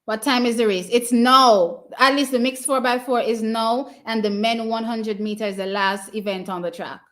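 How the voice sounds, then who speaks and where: Jamaican woman, fairly high voice, chatty stream host calling a race and reacting to chat, excitable. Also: normal speed. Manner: chatty and excitable, cheering teams on. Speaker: live stream watch party host. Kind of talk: casual live race commentary, answering chat.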